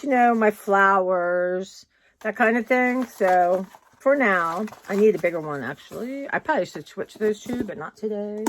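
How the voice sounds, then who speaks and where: Woman, mid pitch, casual rambling chat at home, slight hiss behind. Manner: chatty, rambling, says "y'all" often. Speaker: vlogger. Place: home, indoors.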